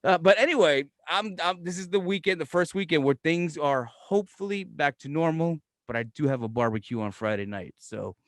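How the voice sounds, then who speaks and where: A man's voice: fairly high pitch, brisk, hardly any pauses, no room sound, studio quality. A middle-aged man from New York with a Brooklyn accent, co-hosting a podcast in casual, profane chat and acting out the voices in his stories. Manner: animated, profane storyteller who acts out voices. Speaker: podcast co-host. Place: home in Florida.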